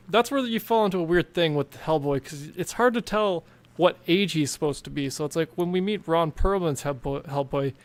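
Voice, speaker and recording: A man's voice: on the high side, moderate pace. A man co-hosting a podcast, chatting casually about a movie, easygoing and agreeable, often trailing off mid-thought. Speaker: podcast co-host. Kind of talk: casual movie review chat.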